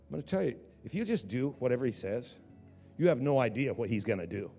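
A man's voice: mid-range voice, lively intonation, quick pace, vocal fry, a little mellow, soft background music. Guy preaching hard, lotsa restarts, big echoey hall. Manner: impassioned preaching with many restarts. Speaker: pastor. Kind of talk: sermon. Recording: long hall reverb.

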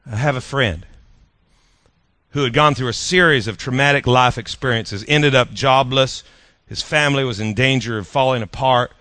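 A man's voice: mid-range voice, moderate pace, bright, forceful tone, dry recording. A man preaching a sermon, telling stories in a folksy, conversational way and asking the audience questions. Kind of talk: sermon storytelling.

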